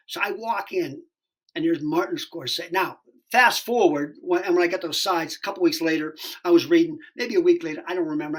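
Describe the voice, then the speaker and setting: A man, a stand-up comedian guesting on a podcast, telling an animated, profane anecdote and acting out the people in it. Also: on the high side. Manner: profane, acts out the dialogue in his story.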